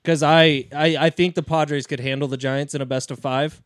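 A man hosting a casual sports talk show, animated and sarcastic. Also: fairly high pitch, normal speed, no room sound, studio quality.

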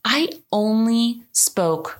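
A middle-aged woman hosting a podcast, telling animated stories in casual chat and sometimes putting on a mock British accent. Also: a little high, very slow. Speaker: podcast host.

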